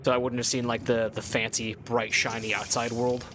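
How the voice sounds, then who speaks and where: Male let's-play host, mid-range voice, loose rambling commentary, steady background noise. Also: medium pitch, moderate pace. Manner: thinks aloud, rambling with frequent "like". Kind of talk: casual gameplay commentary.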